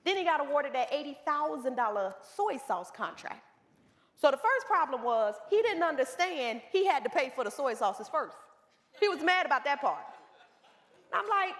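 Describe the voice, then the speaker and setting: High, lively woman coaching a room. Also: normal speed. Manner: animated storytelling, addresses the room directly. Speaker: business coach. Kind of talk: seminar talk to a live audience. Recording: reverberant hall.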